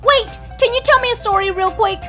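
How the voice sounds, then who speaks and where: A woman voicing a forgetful young schoolboy in an animated cartoon, with a lively, high delivery. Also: fairly quick, faint music behind. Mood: pleading.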